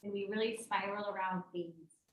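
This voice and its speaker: A woman's voice: medium pitch, steady tone, moderate pace, fairly bright tone. A woman leading a live workshop, talking conversationally and acting out the voices she quotes. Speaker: workshop presenter. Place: workshop room at a yoga studio. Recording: roomy echo.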